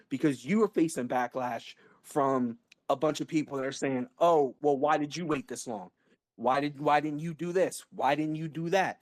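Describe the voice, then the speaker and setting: A man's voice: fairly high pitch, darkish tone, dry recording. Impassioned, emphatic man in his thirties. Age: 30s. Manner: emphatic, profane and blunt, with repetition and restarts. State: emotional. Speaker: guest speaker. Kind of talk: impassioned talk in a live online audio room.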